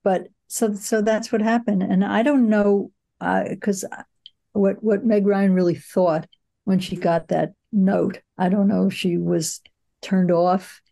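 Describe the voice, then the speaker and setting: An older woman, a film producer, answering interview questions in a reflective, storytelling way with frequent pauses and fillers. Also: mid-range voice, fairly even intonation, vocal fry, mellow. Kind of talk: conversational interview.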